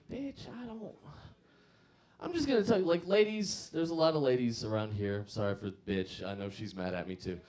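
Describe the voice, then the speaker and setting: A man in his mid-twenties doing profane stand-up comedy and working the crowd. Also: medium pitch.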